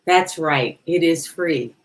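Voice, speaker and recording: Low-voiced chatty woman host. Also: slow pace, faint music behind, rough recording. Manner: chatty, playful, laughs often. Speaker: podcast host. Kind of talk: casual chat. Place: studio under lights. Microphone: headset.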